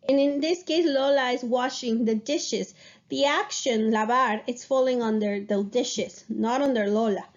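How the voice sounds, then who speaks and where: A woman's voice: a little high, measured pace, dull audio. A woman teaching Spanish grammar to a class, explaining patiently and checking in with her students.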